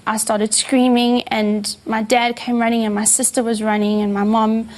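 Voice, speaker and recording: A woman in an interview recounting a painful phone call, halting and repeating herself. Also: on the high side, level tone, darkish tone. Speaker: housemate, interviewee. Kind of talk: emotional interview account.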